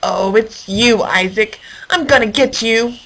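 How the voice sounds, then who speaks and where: A woman voicing a big, slow, gloomy male hippo in a storybook, drawing her lines out. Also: a little high, a bit bright. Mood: grumbling.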